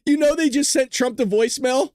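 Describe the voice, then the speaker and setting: A man's voice: very high voice, fairly quick, a little mellow, smooth, no echo, studio quality. A man hosting a casual news commentary stream who swears, jokes, and keeps breaking into giggles, sounding tired from staying up late. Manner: profane, joking, breaks into giggling laughter. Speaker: host.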